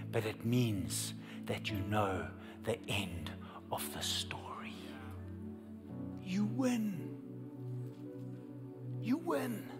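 A pastor with a fairly low voice delivers a sermon, moving between hushed whispers and loud, impassioned appeals and repeating phrases for emphasis. The recording has long hall reverb and faint music in the background.

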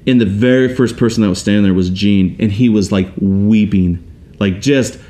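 A man telling a personal story in a casual, animated way, often restarting and acting out what people said. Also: fairly low pitch, moderate pace. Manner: animated, quotes others in acted voices, restarts often.

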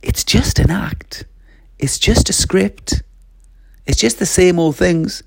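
A middle-aged man giving an expressive, lively training talk to teachers, acting out classroom voices as he goes. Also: high voice, slow pace, creaky, breathy edge, no echo, studio quality.

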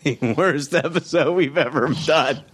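A man's voice: a little high, measured pace, a bit bright, slightly rough. A man hosting a podcast in casual chat, ranting in an exasperated, profane way. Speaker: podcast host.

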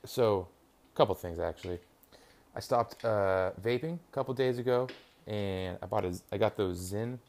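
A young man with a lowish voice rambles casually to his listeners. He swears freely, trails off often, and breaks off to react to the football on TV. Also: darkish tone. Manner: rambling, profane, reacting to a game on TV. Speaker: podcast host. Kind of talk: casual solo chat.

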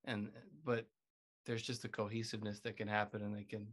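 A man's voice: fairly low pitch, flat delivery, brisk. A man co-hosting a podcast in casual chat, rambling and restarting sentences as he goes. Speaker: podcast co-host.

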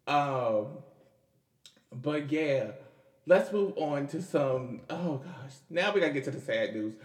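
A man's voice: a little high, animated, slow. A young man, hosting a casual podcast and commenting on news in a loose, chatty way with restarts and laughs. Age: 20s. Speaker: podcast host.

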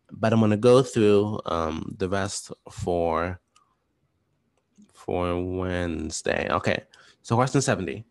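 Male teacher, somewhat low pitch, chatty and quick, rambling casual explainer. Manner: chatty, retells stories in slangy voices; fast, rambling with many restarts. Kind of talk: casual study-question walkthrough. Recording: voice message.

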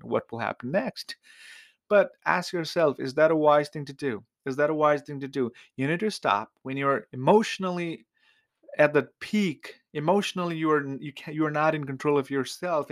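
A man's voice: medium pitch, fairly bright tone. A man preaching a sermon, talking straight to his listeners and jumping his voice up to act out quoted speech. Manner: talks to the listener directly, with frequent restarts. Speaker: pastor.

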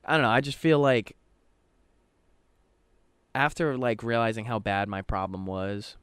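A man's voice: mid-range voice, steady tone, a little slow, smooth, no room sound, studio quality. A man co-hosting a podcast, talking in a rambling, casual way and swearing often. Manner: rambling, swears often, quotes others in his own voice. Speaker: podcast co-host.

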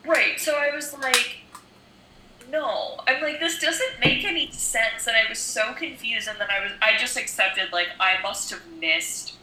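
A woman's voice: fairly high pitch, measured pace, bright, forceful tone, roomy sound, a little hiss or hum, poor audio. A young woman in casual chat, rambling and thinking aloud with many fillers.

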